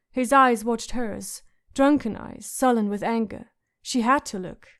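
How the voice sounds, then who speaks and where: Woman reading an audiobook, steady and measured, kinda high voice. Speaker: audiobook narrator. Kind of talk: scripted narration.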